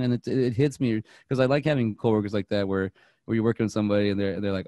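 A man's voice: lowish voice, fast, mellow, no room sound, studio quality. A young man chatting casually about movies on a podcast, rambling with many restarts and fillers. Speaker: podcast co-host.

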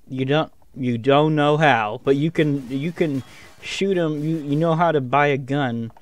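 A man's voice: fairly high pitch, measured pace. A man gaming with friends, playing a scolding parent in a joking way, stammering and laughing. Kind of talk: casual gaming banter.

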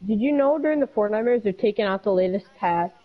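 A woman's voice: medium pitch, animated, brisk. A woman playing a video game with a friend, chatting casually and telling rambling stories full of fillers. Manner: rambling storyteller, filler-heavy. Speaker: co-player. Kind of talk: casual gaming chat. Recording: dull lo-fi mic with faint noise.

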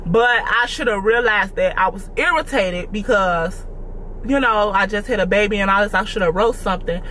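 A woman's voice: medium pitch, normal speed, pushed and bright, a little hiss or hum. A young woman chatting casually to her viewers, calling them y'all. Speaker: vlogger. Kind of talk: casual mukbang chat to viewers.

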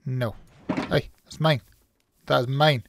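A man's voice: medium pitch, steady tone, slow pace, gravelly, noisy background. A man with a Scottish accent hosting his gaming channel, chatting casually and playfully while he plays, making little sound effects. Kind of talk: casual game commentary.

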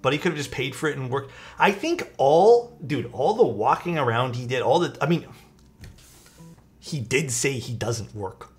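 A man's voice: mid-range voice, normal speed. A young man, a streamer casually telling his chat a story and acting out the people in it. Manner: animated, acts out quoted people. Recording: faint music behind.

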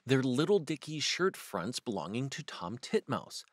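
A man's voice: mid-range voice, very animated, unhurried, dry recording, clean studio sound. A man doing Mrs. Tiggy-Winkle, fussy hedgehog washerwoman. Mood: chatty. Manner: chatty, homely, house-proud. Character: bustling old female hedgehog washerwoman, fussy. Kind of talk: storybook read-aloud.

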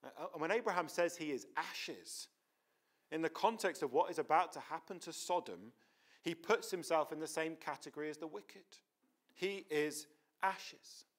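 A man's voice: a little high, animated, moderate pace, fairly bright tone. A man preaching a sermon in a church, earnest and emphatic, often restarting his words.

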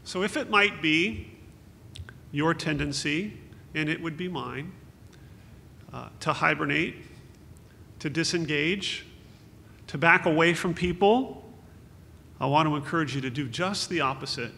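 A man's voice: on the high side, unhurried, vocal fry, long pauses, bright, forceful tone. A man giving an earnest, consoling memorial sermon as pastor, quoting scripture. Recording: echoey hall with faint hum.

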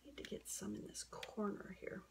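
An acrylic pour artist narrates her painting casually and gushingly, often dropping to a whisper, in a slightly mellow voice at a moderate pace. She's recorded on a camera on a stand, with a little hiss or hum audible.

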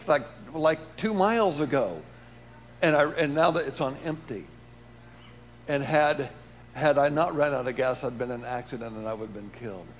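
Man preaching a dramatic personal testimony. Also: slight background noise. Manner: storytelling, swings from loud emphasis to hushed low tones. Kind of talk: testimony sermon.

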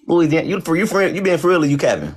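Husky, needling Oklahoma man. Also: fairly high pitch, big pitch swings, racing. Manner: playful, needling, repeats phrases. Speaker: livestream guest. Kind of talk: comic livestream banter.

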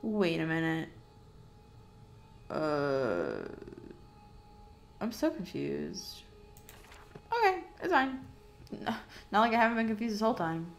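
A woman's voice: lowish voice, wildly swooping pitch, takes it slowly, vocal fry, long pauses, slight background noise. A woman hosting a gaming video, chatting to herself and exclaiming as she plays. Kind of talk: casual let's-play commentary.

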